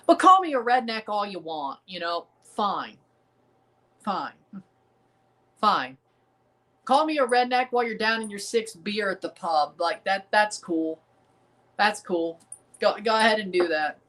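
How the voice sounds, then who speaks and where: Bright-voiced Southern US man ranting. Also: on the high side, low-quality recording. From American South. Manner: defiant, rambling, repeats himself. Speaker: streamer hosting a match watchalong. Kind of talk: casual livestream commentary.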